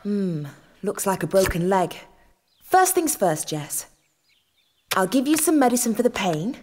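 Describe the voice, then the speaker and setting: A woman's voice: mid-range voice, sing-song, a little slow, slight background noise. An actress voicing a caring young woman vet who speaks in a soothing, reassuring way in a children's cartoon. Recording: loud background music.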